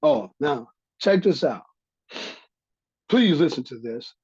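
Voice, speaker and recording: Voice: mid-range voice, expressive, a little slow, long pauses, darkish tone, breathy edge. A religious teacher giving a bible lesson, reading verses aloud and repeating key phrases for emphasis. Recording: dull lo-fi recording.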